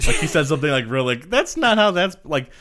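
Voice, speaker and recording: A man's voice: fairly high pitch, very animated, fast, fairly bright tone. Playful, teasing man in movie banter. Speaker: podcast co-host. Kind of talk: casual movie review chat.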